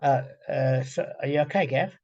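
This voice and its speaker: A man's voice: mid-range voice, moderate pace, a little mellow, lo-fi sound. A man leading a group through a Talmud page, thinking aloud with many fillers and restarts over a video call. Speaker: Talmud study leader. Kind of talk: explaining a Talmud page to friends.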